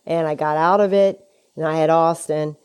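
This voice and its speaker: A woman's voice: fairly even intonation, normal speed, a little mellow, smooth. A middle-aged woman and mother, telling a long story in casual chat and acting out what people said. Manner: chatty, acts out quoted speech with shifting pitch. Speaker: guest, host's mother.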